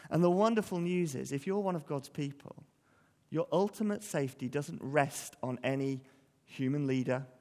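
A man's voice: fairly high pitch, normal speed, warm tone. Earnest male preacher in a reverberant hall. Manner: conversational, earnest, asks the congregation questions. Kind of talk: sermon.

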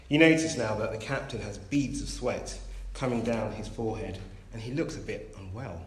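A man preaching a sermon, telling a story in a measured, gentle way. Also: on the low side, slight background noise. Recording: roomy echo.

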